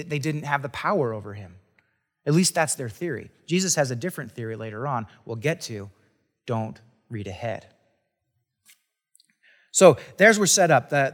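A man's voice: on the high side, in a large hall. A man preaching a conversational sermon as a pastor, talking casually and chattily with restarts and asides.

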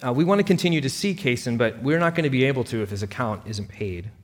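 A man's voice: mid-range voice, expressive, fast, breathy edge, big-room sound. A man voicing an awkward, nervous woman from billing who hesitates and apologizes. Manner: hesitant, filler-heavy, apologetic.

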